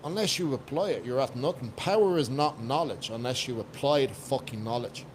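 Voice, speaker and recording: A man's voice: mid-range voice, expressive, brisk, a little hiss or hum. An Irish man from Ireland, a guest coach on a podcast, talking in a blunt, emphatic way and swearing freely. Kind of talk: casual podcast chat.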